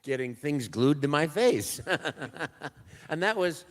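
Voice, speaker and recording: An older man, a voice actor appearing as a guest at a live convention panel, tells a story in a fairly high, slow voice. He's animated, acting out the dialogue and sound effects along the way.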